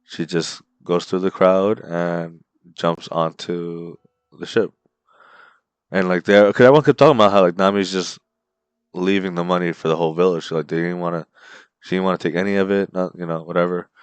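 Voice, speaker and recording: A man's voice: deep voice, fairly even intonation, moderate pace, clear, resonant tone, dry recording. A man co-hosting a podcast, retelling a story loosely with slang and swearing. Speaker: podcast co-host. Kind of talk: casual podcast chat.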